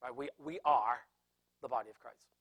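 A man's voice: medium pitch, normal speed, slightly rough. A man preaching a sermon, earnestly explaining scripture and repeating phrases for emphasis. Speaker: pastor. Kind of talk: sermon teaching.

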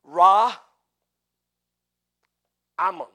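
A man preaching a sermon in an animated way, with jokey asides. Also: high-pitched, extremely slow.

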